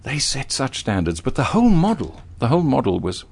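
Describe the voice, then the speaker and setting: An older veteran broadcaster, speaking as an interview guest, telling stories animatedly with frequent stammering restarts. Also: male voice, medium pitch, wildly swooping pitch, brisk, gravelly, darkish tone, slightly rough. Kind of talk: interview conversation.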